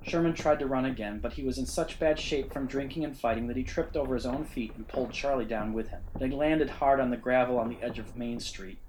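A man reading a ghost story in measured, suspenseful narration. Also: medium pitch, darkish tone, a little hiss or hum, rough recording. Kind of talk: scripted narration.

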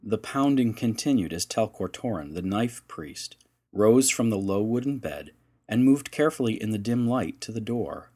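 A man narrating an audiobook chapter in slow, dramatic storytelling. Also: lowish voice, lively intonation, a little mellow. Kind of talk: scripted narration.

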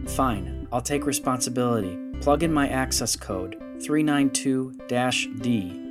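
A man's voice: medium pitch, expressive, measured pace, over music, lightly acted. A man voicing a decisive woman commander in an audiobook, speaking in clipped, commanding orders. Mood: urgent.

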